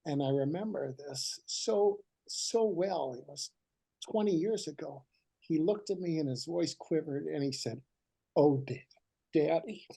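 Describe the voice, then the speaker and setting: An older man, a guest writer, telling heartfelt stories in an animated, emotional way and slowing down for emphasis. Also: on the high side, gravelly, breathy edge, poor audio. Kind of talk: heartfelt storytelling.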